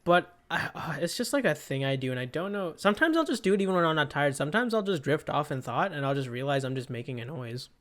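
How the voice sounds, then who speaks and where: A man's voice: on the high side, very animated, fast, few pauses, a bit bright. A young man co-hosting a casual comedy podcast, telling self-deprecating stories in a rambling way, full of fillers. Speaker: podcast co-host.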